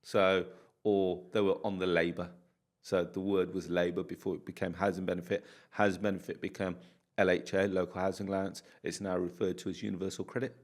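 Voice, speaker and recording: A UK property landlord tells stories during a casual podcast interview, animatedly acting out the dialogue. His voice is low-pitched and fairly quick.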